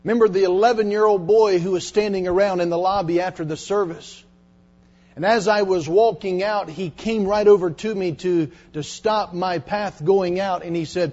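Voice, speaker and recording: A middle-aged male preacher giving a dramatic sermon to teenagers, dropping to hushed tones when he retells confessions. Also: high-pitched, fairly even intonation, normal speed. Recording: dull lo-fi sermon recording.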